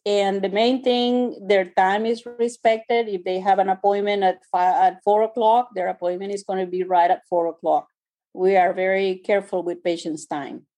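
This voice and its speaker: A woman physician answering interview questions in a conversational way, pausing often and searching for words. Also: medium pitch, fairly even intonation, warm tone. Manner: hesitant, searching for words with many fillers. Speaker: physician guest.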